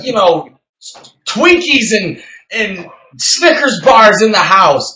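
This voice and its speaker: A passionate man hosting a health podcast, his voice high and bright as he pushes his point hard. He gets loud and emphatic, and the sound carries an echoey room. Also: lively intonation, slow pace. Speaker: health coach and show host. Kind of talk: energetic podcast talk.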